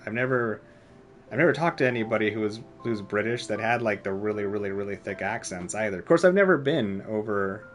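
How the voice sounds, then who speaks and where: A man streaming a video game, chatting casually in a rambling, self-deprecating way full of filler words. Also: fairly low pitch. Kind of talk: casual gameplay commentary.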